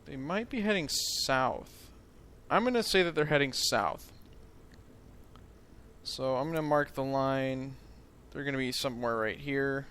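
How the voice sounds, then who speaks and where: A man's voice: medium pitch, lively intonation, a little slow, pauses often, a bit bright, clean tone. A man from the United States giving casual let's play commentary, thinking aloud in a rambling, self-mocking way.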